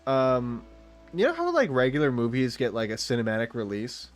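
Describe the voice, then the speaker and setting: A man's voice: medium pitch, sing-song, normal speed, faint music behind. A young man streaming a game, chatting in a rambling, crude, giggly way. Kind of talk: casual chat while streaming a game.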